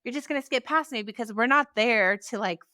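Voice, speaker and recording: A woman hosting a podcast in casual chat, animated and acting out the voices of people she quotes. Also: a little fast, dry recording, studio quality. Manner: animated, acts out quoted voices with big pitch jumps. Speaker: podcast host.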